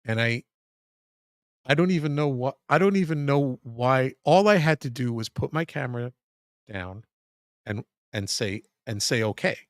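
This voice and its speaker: A man tells a long story as a podcast guest, swearing freely and stumbling over restarts. His voice sits at a middle pitch. The sound is dry and close. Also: animated, moderate pace, dry recording. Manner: rambling, profane, frequent restarts. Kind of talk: casual storytelling.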